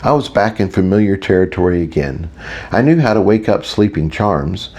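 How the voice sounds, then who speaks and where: A man's voice: low-pitched, expressive, moderate pace, darkish tone. A man reading a first-person audiobook as a wry, self-mocking inner monologue. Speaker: audiobook narrator.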